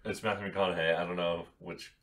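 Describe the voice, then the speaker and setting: Low-voiced man in casual movie chat. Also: a little fast, far from the mic. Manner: relaxed, laughs often, profane. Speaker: podcast co-host.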